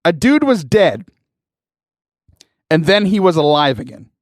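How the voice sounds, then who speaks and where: Animated man telling a story. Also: on the high side, unhurried, no room sound, clean studio sound. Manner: animated, laughing often, mimics voices in anecdotes. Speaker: podcast host. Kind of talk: casual storytelling.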